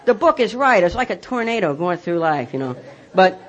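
A man's voice: sits high, big pitch swings, moderate pace, fairly bright tone, lo-fi sound. A man telling a personal recovery story in a rambling way, full of restarts and self-mocking humor. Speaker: speaker sharing his recovery story.

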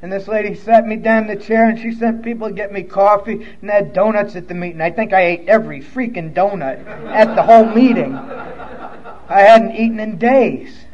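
A high-pitched man recounts his own story in a blunt, profane way that turns emotional. The recording is a little dull and lo-fi, like a modest room capture. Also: moderate pace. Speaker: speaker sharing his recovery story. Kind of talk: personal testimony storytelling.

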